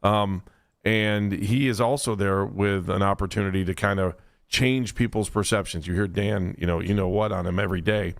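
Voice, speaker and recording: A man's voice: sits low, fairly even intonation, moderate pace, vocal fry. A man co-hosting a sports radio show, chatting casually in a joking, playful way and taking calls. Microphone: studio microphone.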